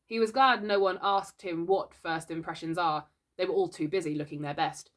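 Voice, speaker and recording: A woman reading a classic children's book aloud in a gentle, unhurried storytelling voice. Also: fairly low pitch, fairly even intonation.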